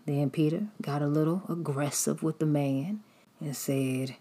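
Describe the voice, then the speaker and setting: A woman's voice: sits low, steady tone, measured pace, warm tone. A woman preacher giving a sermon in a repetitive, rhythmic cadence.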